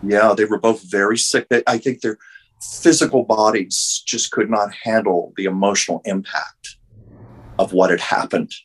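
Husky man telling an earnest story. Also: fairly low pitch, steady tone, moderate pace, poor audio. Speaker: interview guest, artist and medium. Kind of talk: casual storytelling in an interview. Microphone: video call.

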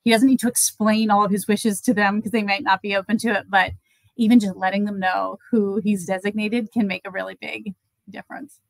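A woman speaking as an interview guest, thoughtful and conversational, working through everyday examples. Her voice sits at a middle pitch and sounds close and dry, with hardly any room around it. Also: level tone, fairly quick, creaky, dry recording, low-quality recording. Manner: thoughtful, example-driven, many fillers. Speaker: guest expert on end-of-life conversations.

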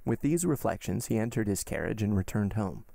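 Gravelly man reading a classic novel. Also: on the low side, expressive, a little fast, warm tone, dry recording, clean studio sound. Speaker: podcast host and reader. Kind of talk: audiobook narration of a classic novel.

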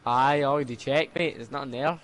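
A man's voice: medium pitch, fairly even intonation, fairly quick. Sweary Scottish guy trash-talking. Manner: sweary, teasing trash talk. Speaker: streamer. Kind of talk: casual gaming banter.

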